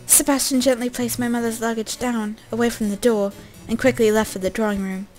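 A woman's voice: fairly high pitch, steady tone, a little fast, a little mellow, faint music behind, poor audio. A young woman reading a story game aloud in a casual way, breaking off with swearing, jokes and coughs.

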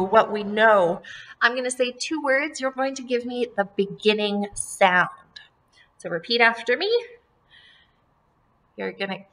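Teacher lady doing phonics for little kids, super bright voice, slow and stretched out words. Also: medium pitch. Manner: slow, drawn-out word modeling, sing-song repetitions; encouraging, addresses children as friends and folks. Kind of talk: remote phonics lesson for young children.

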